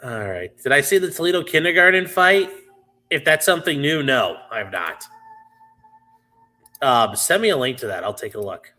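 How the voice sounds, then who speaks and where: A man's voice: mid-range voice, animated, moderate pace, sharp tone. A man hosting a livestream in a loose, rambling chat with viewers, full of fillers and casual swearing. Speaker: livestream host.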